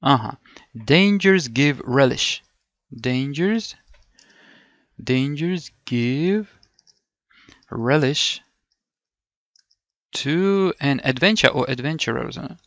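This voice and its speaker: A man's voice: mid-range voice, animated, slow pace, long pauses, fairly bright tone, dry recording. A middle-aged man from Ukraine tutoring for a language test, thinking aloud and repeating words with many fillers and self-corrections. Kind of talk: thinking-aloud lesson over a screen.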